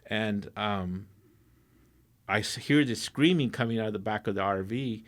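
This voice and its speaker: In a casual interview, a middle-aged guest artist from Southern California tells a profane, animated story and slips into Spanish phrases. His voice is mid-range and his speed is normal.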